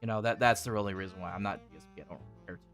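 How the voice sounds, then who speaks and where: Young male host, deep-ish voice, loose profane rambling, light music bed. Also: racing, a bit bright. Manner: rambling, profane, restarts often. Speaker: channel host. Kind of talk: casual podcast chat.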